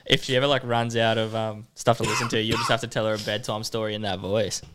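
A man's voice: fairly low pitch, flat delivery, quick pace, background noise. A man joining a podcast in casual chat, dropping dry wisecracks.

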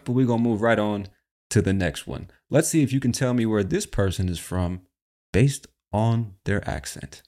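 American guy hosting a podcast quiz, real low voice, slangy and laid-back, teasing the listeners. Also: normal speed, a little mellow. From United States. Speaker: podcast host. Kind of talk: casual chat.

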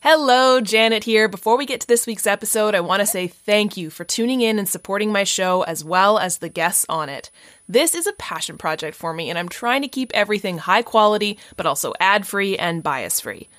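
A woman's voice: medium pitch, expressive, a little fast, fairly bright tone, dry recording, studio quality. A woman with a West Coast Canadian accent, hosting her podcast in a bubbly, chatty, self-deprecating way. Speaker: podcast host. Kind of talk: podcast intro and appeal.

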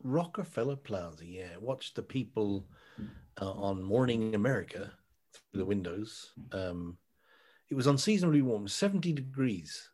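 A man's voice: fairly low pitch, expressive, moderate pace, darkish tone. A man chatting casually on a podcast, blunt and wry, with offhand swearing. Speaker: podcast co-host. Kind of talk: casual chat.

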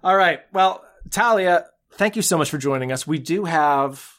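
A man's voice: a little high, normal speed, fairly bright tone. A man hosting a casual podcast chat, blunt and jokey as he ranks films and signs off. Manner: blunt, jokey, wraps up the show. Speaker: podcast host.

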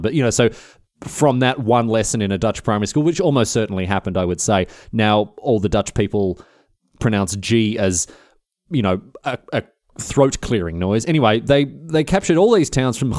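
A man's voice: mid-range voice, lively intonation, normal speed, darkish tone, no room sound, clean studio sound. A man hosting a comic history podcast, rambling and jokey, often cutting himself off. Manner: rambling, jokey, self-interrupting. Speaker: podcast host.

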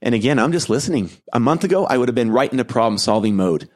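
Earnest man telling a gentle story. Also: medium pitch, expressive, quick pace. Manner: earnest, gentle, with soft laughs. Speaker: podcast host and keynote speaker. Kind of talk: reflective storytelling monologue.

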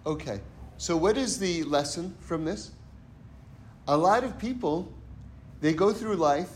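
A man's voice: high voice, unhurried, long pauses, slight background noise. A man teaching a Torah lesson through stories, often checking in with his listeners by asking "right?". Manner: acts out characters in a story. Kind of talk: storytelling lesson.

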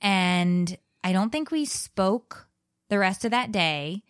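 A woman in her thirties, a guest telling a candid personal story in a frank, animated way with many restarts. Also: medium pitch, slow, dry recording, clean studio sound. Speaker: podcast guest, blogger and author.

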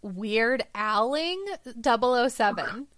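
Young female co-host, animated casual chat, lively and fairly high, dry recording. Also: slow, dry recording. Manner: animated, laughing, acts out quotes. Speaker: podcast co-host.

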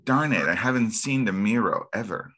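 A man's voice: fairly low pitch, animated, normal speed, sharp tone, breathy edge. A man on a group video call, rambling about his day with self-mocking humor. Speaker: call participant. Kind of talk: casual group chat.

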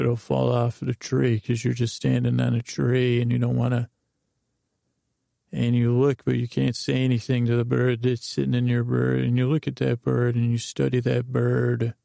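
A man hosting a podcast, telling a meandering bedtime story in a drowsy, rambling monotone full of fillers. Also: mid-range voice, moderate pace, gravelly, no echo, studio quality. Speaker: podcast host.

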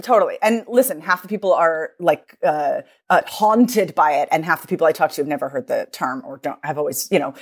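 A woman's voice: sits low, a little fast, few pauses, slightly rough. A woman guest on a podcast, recorded remotely, who explains and demonstrates voice habits as she talks. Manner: explanatory, demonstrates vocal techniques while talking. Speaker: guest author and voice coach. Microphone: remote recording over an online call.

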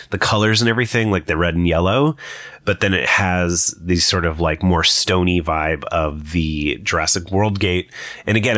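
A man's voice: low-pitched, sharp tone, dry recording, clean studio sound. A young man giving a casual, rambling commentary, full of fillers and self-corrections. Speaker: video commentator. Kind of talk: casual trailer breakdown commentary.

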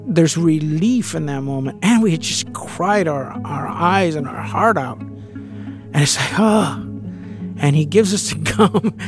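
A man's voice: on the high side, expressive, unhurried, music in the background. A man candidly telling a personal story in a conversational way, with the odd curse word. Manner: candid, conversational, with occasional swearing.

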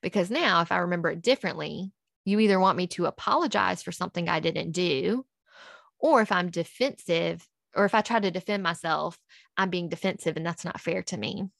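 A woman's voice: on the low side, fairly quick, gravelly, a bit bright, no room sound, studio quality. A woman, a podcast guest, earnestly recounting a personal story and acting out past conversations in quotes.

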